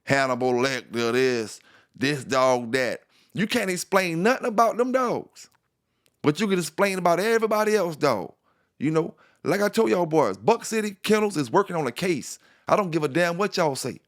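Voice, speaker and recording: A man's voice: a little high, expressive, moderate pace. A man hosting a dog news channel, delivering a confrontational, repetitive rant at rivals. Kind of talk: casual ranting monologue.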